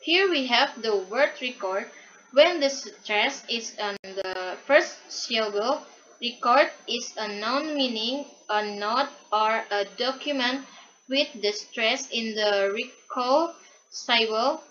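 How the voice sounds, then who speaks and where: A young woman student reading a class presentation aloud from a prepared script, haltingly and with restarts, on a dull lo-fi recording. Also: fairly high pitch, a bit bright, a little hiss or hum.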